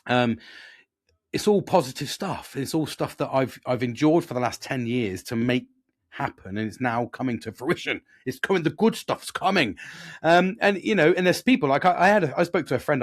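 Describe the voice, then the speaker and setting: A man's voice: mid-range voice, no echo, clean studio sound. A British man in his forties, hosting a podcast as a reflective monologue. He talks earnestly, swears freely and rambles with many restarts. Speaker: podcast host.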